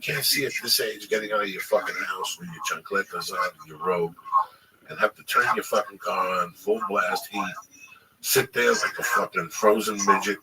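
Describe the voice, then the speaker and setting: A middle-aged comedian swears his way through a rambling story, dropping into quick impressions of the people in it. His voice sits fairly low. He sounds a little away from the mic over a loud, steady background noise. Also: far from the mic. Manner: profane, rambling storyteller who slips into voices for others. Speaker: comedian and show host. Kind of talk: casual chat.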